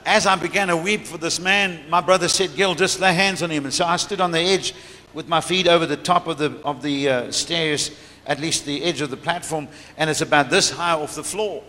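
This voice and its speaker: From the pulpit of a large church hall, a middle-aged preacher shares a testimony story, laughing often along the way. His voice is fairly high and sharp at a moderate pace, with reverberation and faint room noise in the recording.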